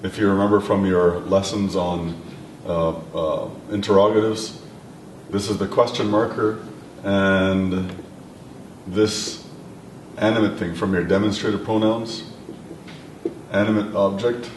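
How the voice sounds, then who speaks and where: A man teaching a language lesson, patiently repeating words slowly for his learners. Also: steady tone. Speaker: language instructor. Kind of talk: classroom lesson. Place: classroom or lecture room. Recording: echoey room, mic at a distance, faint rumble.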